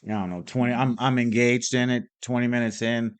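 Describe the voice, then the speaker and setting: A man's voice: medium pitch, flat delivery, brisk, smooth. A man co-hosting a casual podcast, often chiming in with short agreements. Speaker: podcast co-host.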